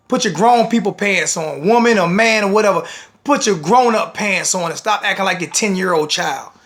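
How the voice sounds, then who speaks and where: A man's voice: sits high, sharp tone. A man with a blunt, scolding manner, ranting to the camera as a sports fan vlogger.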